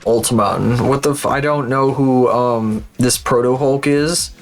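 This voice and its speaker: A man's voice: medium pitch, measured pace, soft background music. A young man streaming live, commenting as he plays, swearing often and mumbling names aloud as he guesses.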